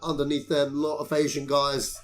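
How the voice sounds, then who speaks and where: A man's voice: a little high, monotone, a little fast, a bit bright, a little hiss or hum. A man co-hosting a casual film podcast, crude and jokey, swearing freely. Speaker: podcast co-host.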